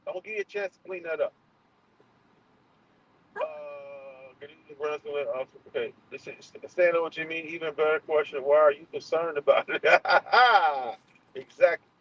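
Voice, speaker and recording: A man's voice: on the high side, huge pitch swings, fairly quick, a bit bright. A man hosting a casual livestream, heated and profane, often restarting his sentences. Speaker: channel host. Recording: muffled lo-fi sound.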